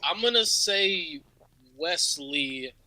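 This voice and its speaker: A man co-hosting a casual podcast, animated, profane and teasing. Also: a little high, drawn-out words. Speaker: podcast co-host. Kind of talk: casual chat.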